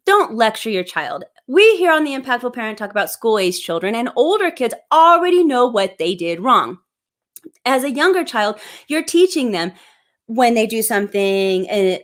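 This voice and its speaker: Woman host, 30s, mid-pitched, live parenting advice, upbeat and clear. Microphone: plug-in microphone.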